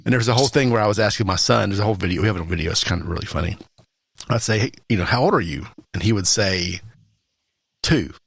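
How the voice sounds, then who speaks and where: A middle-aged Southern man shares family stories on a casual podcast, chuckling as he goes. His voice is low, gravelly and husky. The recording is dry and close. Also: racing, no room sound. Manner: chuckling, anecdotal. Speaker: podcast co-host.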